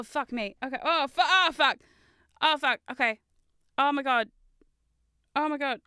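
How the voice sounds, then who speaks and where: A woman streamer chatting casually with viewers while building Lego, excitable and giggly, and swearing when something goes wrong. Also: high voice, normal speed, pauses often, clear, resonant tone, dry recording, clean studio sound. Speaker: VTuber streamer.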